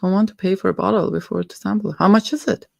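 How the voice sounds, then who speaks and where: A woman's voice: mid-range voice, steady tone, fast talker, creaky, no room sound. A woman hosting a casual perfume livestream, playful and a bit silly, giggling as she chats with viewers and muses over scents. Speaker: livestream host reviewing perfumes.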